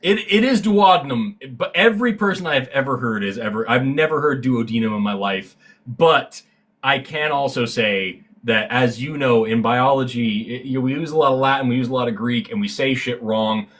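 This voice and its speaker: A man chatting as a guest on a science livestream, telling stories in an animated way, swearing freely and breaking into loud exclamations. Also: medium pitch, moderate pace. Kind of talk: casual livestream chat. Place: livestream, recorded remotely.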